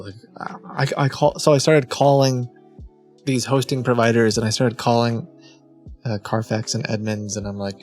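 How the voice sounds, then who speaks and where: A man's voice: mid-range voice, normal speed, soft background music. Exasperated man rambling through a story. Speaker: streamer and host of a scam-baiting show. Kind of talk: casual chat.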